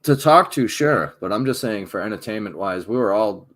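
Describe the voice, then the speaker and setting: A man's voice: on the low side, animated, moderate pace, a bit bright. A man co-hosting a podcast in casual chat, making dry, understated remarks. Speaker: podcast co-host.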